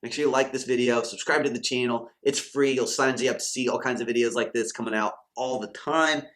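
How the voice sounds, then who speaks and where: A man's voice: mid-range voice, fairly even intonation, a little fast, a bit bright. Fired-up preachy man. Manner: acts out quoted doubters and believers. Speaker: Christian coach and channel host. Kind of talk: motivational faith talk to camera.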